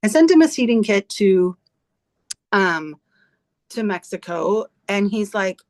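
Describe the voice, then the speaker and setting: A woman's voice: mid-range voice, very animated, takes it slowly, long pauses, a little mellow. A woman on a video call, a team leader giving her team a blunt, emphatic motivational talk full of swearing. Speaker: team leader in direct sales.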